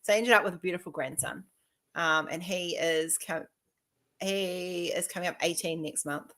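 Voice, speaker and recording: A woman in her fifties with a slightly low voice tells personal stories in a chatty, animated way, slipping into the voices of the people she quotes. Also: normal speed. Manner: chatty, animated storytelling, acting out quoted dialogue. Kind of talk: casual personal conversation.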